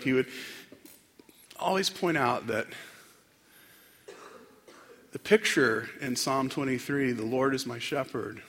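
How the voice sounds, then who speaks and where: Gravelly man preaching in a reverberant hall. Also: medium pitch, a bit bright. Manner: reflective, unhurried, with frequent fillers and restarts. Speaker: pastor. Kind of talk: sermon. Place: church sanctuary.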